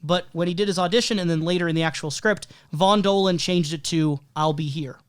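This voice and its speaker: A man's voice: on the high side, a little fast, smooth. A man co-hosting a casual podcast discussion, talking through ideas analytically and reading quotes aloud. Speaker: podcast co-host.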